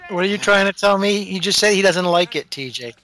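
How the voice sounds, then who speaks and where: A man's voice: sits high, expressive, a little fast, bright, forceful tone. A man in a casual movie podcast, bluntly dismissive and repeating his opinion emphatically. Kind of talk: casual movie commentary chat.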